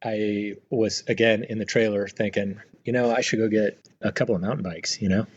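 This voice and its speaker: Middle-aged guest, husky and low-voiced, easygoing storyteller on a dull lo-fi remote line. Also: male voice, fairly quick. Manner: relaxed, rambling, frequent fillers and restarts. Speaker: guest, retired Marine aviator. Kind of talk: casual storytelling interview.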